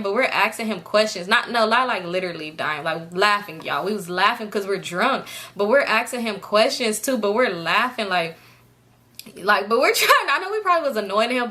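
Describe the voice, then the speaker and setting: A young woman, telling a casual storytime, animated and laughing as she quotes the people in her story. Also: fairly high pitch.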